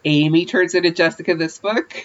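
A woman's voice: fairly low pitch, fairly quick, muffled recording. A woman co-hosting a podcast, chatting casually and animatedly about a book, laughing often. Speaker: podcast co-host. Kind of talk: casual chat recapping a book.

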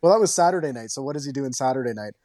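A man's voice: mid-range voice, animated, mellow, no room sound, studio quality. A man co-hosting a sports podcast, giving enthusiastic analysis in casual chat. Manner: enthusiastic, fast-flowing analysis. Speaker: podcast co-host.

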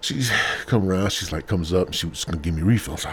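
Deep-voiced male podcast host, loose and foul-mouthed, talking from his bed at home. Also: fast talker, a little hiss or hum. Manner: rambling, profane and slangy. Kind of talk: casual podcast monologue.

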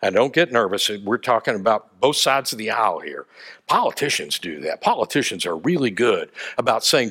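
A man preaching a sermon, telling stories with lively acted-out voices and asides. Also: lowish voice, normal speed, slightly rough. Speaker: pastor.

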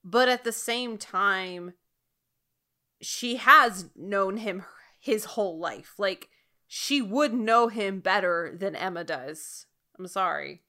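A woman's voice: mid-range voice, takes it slowly, pushed and bright. A woman co-hosting a casual TV recap podcast, chatty and acting out characters' lines. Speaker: podcast co-host.

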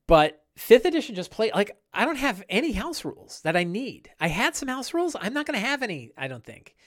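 A middle-aged man hosting a casual live-stream chat, rambling and animated, with many fillers and restarts. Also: sits high, brisk, no echo, studio quality. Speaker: podcast host.

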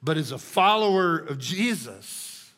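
A male pastor preaches with emphatic, animated delivery, often checking in with the room. His fairly high voice is bright and forceful. A long reverb of a church sanctuary trails his words. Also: a little slow. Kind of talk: sermon.

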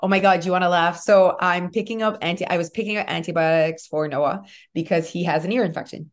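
A woman's voice: lowish voice, a little fast. Chatty woman telling a rambling story. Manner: animated, rambling storytelling with many fillers. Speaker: podcast co-host. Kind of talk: casual chat.

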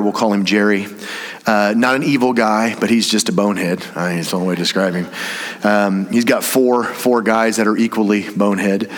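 A man from Tennessee, preaching a sermon and telling a story with humor and acted-out voices. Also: fairly low pitch. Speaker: pastor. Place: church. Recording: reverberant church hall.

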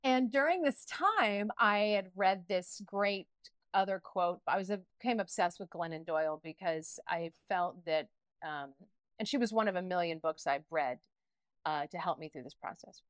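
A middle-aged woman speaking candidly as an interview guest, animated and emotional, with frequent restarts and laughter. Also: fairly low pitch, moderate pace, dry recording. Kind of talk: candid personal interview talk.

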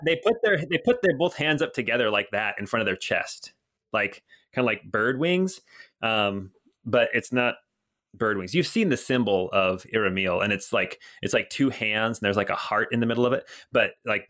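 Low-voiced male game master. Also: normal speed, fairly bright tone. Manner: loose, filler-heavy narration. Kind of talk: narrating a tabletop game.

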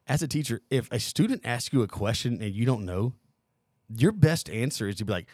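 A man hosting a podcast, telling stories in casual chat, animated and swearing freely. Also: medium pitch, fairly quick, dry recording, studio quality. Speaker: podcast host.

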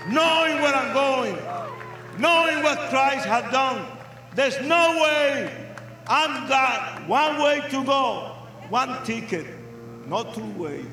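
An older man preaching a testimony sermon with English, impassioned and shouting at the peaks. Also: extremely high pitch. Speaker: evangelist. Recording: roomy hall sound.

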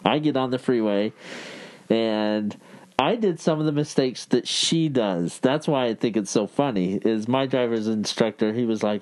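A man's voice: medium pitch, normal speed, darkish tone. A man in a casual movie chat, telling stories with enthusiasm. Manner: enthusiastic storyteller, acts out quotes.

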